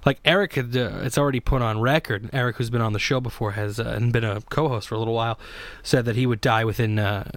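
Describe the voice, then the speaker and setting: A man's voice: mid-range voice, steady tone, fast, dry recording. A man hosting a casual solo podcast, rambling and joking with lots of restarts. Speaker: podcast host.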